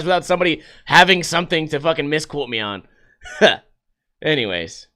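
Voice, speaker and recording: A man's voice: fairly high pitch, animated, normal speed, bright, forceful tone. A man hosting a casual solo podcast, rambling and swearing a lot and laughing often. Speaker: podcast host.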